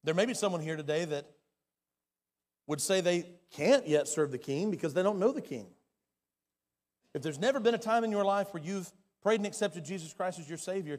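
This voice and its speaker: A man preaching a sermon as pastor, his delivery swinging from loud and urgent to hushed and quiet. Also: high voice. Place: church sanctuary. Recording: long hall reverb.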